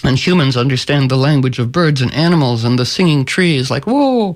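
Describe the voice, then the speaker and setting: A man's voice: mid-range voice, brisk. A man retelling a folktale casually, loose and playful, with asides and fillers. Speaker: storyteller.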